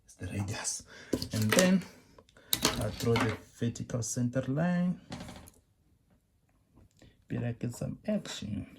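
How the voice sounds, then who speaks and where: A man's voice: medium pitch, animated, slow, pauses often, noisy background. Emphatic South African male drawing teacher. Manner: repeats phrases, asks "you understand?" often; emphatic, scolding about common mistakes. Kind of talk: classroom demonstration lesson.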